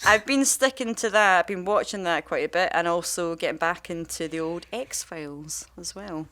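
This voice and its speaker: A woman's voice: fairly low pitch, moderate pace, fairly bright tone. A woman, a makeup artist co-hosting a podcast, telling stories in casual, rambling, sweary chat. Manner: rambling, sweary storytelling with many fillers.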